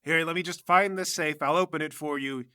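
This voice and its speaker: A man's voice: a little high, fairly quick, bright, forceful tone, smooth, dry recording, studio quality. A man voicing a haughty, imperious old noblewoman who is bossy and dismissive, in a tabletop game.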